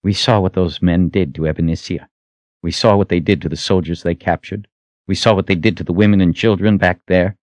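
A man's voice: low voice, fairly even intonation, fairly quick, a little mellow, no echo, lightly acted. A man voicing an earnest young army captain who speaks with raised, intense conviction in an audiobook. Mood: resolute.

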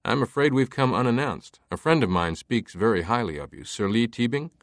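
A man reading the lines of a courteous, earnest scholar in a low, dry voice. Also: expressive, brisk, no room sound, close to an everyday voice. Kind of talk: audiobook character voice.

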